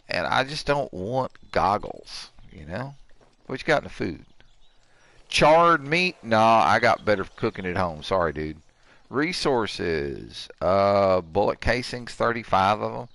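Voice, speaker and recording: A man's voice: lowish voice, very animated, a little slow, vocal fry, a bit bright, no echo. A man in his sixties hosting a gaming channel, giving joking let's-play commentary and trash-talking the characters. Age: 60s. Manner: jokey, trash-talks the characters.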